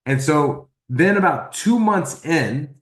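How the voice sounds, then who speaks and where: A man telling a personal testimonial story, acting out the dialogue he quotes in an animated way. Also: a little high, slow, roomy sound. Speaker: testimonial speaker.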